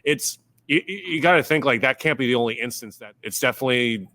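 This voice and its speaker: Bright-voiced young man telling stories. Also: medium pitch, fast, no echo. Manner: rambling, repeats words and restarts, acts out quotes. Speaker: podcast guest, former pro baseball player. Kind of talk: casual storytelling in a podcast interview.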